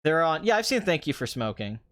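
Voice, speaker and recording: A man's voice: a little high, sing-song, a little fast, a bit bright. A young man hosting a casual movie review talk, ranting sarcastically with mocking asides. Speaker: movie review podcast host.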